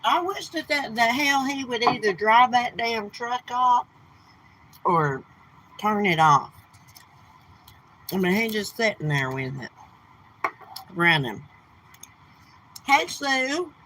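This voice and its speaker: A woman's voice: fairly high pitch, lively intonation, takes it slowly, pauses often, bright, forceful tone, a little hiss or hum, low-quality recording. A middle-aged woman, chatting bluntly and gossiping on a casual live stream outdoors. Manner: blunt, gossipy, cussing, Southern turns of speech. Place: outdoors near her home.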